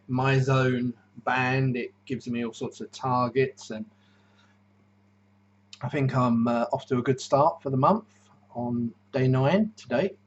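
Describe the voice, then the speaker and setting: Slow, rambling man in his fifties. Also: medium pitch, highs cut off. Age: 50s. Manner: rambling, joking, many ums and uhs. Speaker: keto diet vlogger. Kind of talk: casual video diary.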